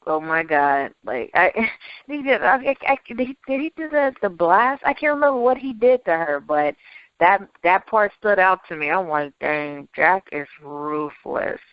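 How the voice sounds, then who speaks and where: A woman chatting casually as a podcast co-host, excitable and gushing, laughing often. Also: medium pitch, normal speed, no echo. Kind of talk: casual chat. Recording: dry lo-fi recording.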